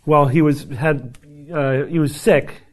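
A man's voice: on the high side, fairly even intonation, takes it slowly. A man hosting a live panel, upbeat and joking. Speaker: host. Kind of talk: live podcast banter. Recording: live crowd audible.

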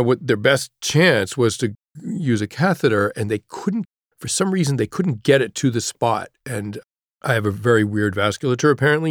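A middle-aged man appears as a guest author in an interview, recounting a personal story in a halting, reflective way and sinking to a hush at grave moments. His voice sits in the mid-range, and the recording is studio quality with no room sound.

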